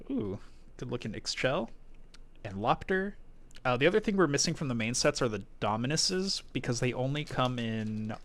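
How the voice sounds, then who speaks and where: A man talking loosely and conversationally on a live stream, thinking aloud as he goes. His voice sits at an ordinary middle pitch. Now and then he bursts into short excited exclamations. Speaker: livestreamer opening card packs. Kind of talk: casual live-stream chat.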